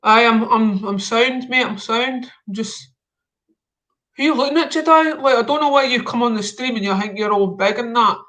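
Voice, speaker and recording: A man's voice: extremely high pitch, moderate pace, bright, forceful tone. A man hosting a live stream, chatting casually with slangy, mock-confrontational banter. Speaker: livestream host.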